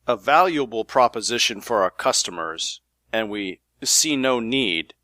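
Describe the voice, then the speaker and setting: A man's voice: lowish voice, no echo, studio quality. A man playing a stiff corporate spokesman. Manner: boilerplate, measured, flat corporate delivery.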